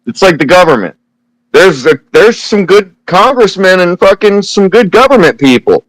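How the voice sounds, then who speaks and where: A man's voice: sits high, sing-song, normal speed, a bit bright, no room sound, rough recording. Blunt, profane man in casual chat. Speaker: podcast guest.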